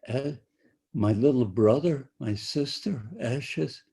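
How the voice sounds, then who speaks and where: An older man speaks slowly in a husky, mellow voice as he gives his testimony to students. He often halts, repeats himself and restarts his phrases. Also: mid-range voice. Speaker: Holocaust survivor speaker.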